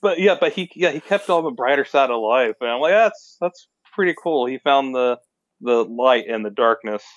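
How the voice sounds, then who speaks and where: Laid-back guy in a movie chat, chuckles a lot, mid pitch. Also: lively intonation, moderate pace, dry recording, dull audio. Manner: easygoing, laughs often, agreeable. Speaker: podcast co-host. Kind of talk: casual movie spoiler chat.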